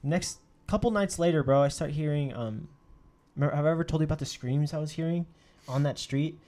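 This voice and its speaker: A man co-hosting a casual podcast, telling a ghost story in an animated way, swearing freely and acting out what people said. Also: a little high, brisk. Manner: animated, swears a lot, acts out quotes. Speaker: podcast co-host.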